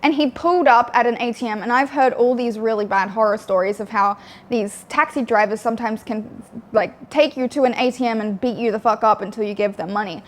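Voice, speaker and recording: Young woman vlogger, fairly high voice, blunt, swears a lot, talks in fillers. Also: fairly quick. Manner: blunt and frank, swears often, many fillers. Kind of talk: candid storytelling.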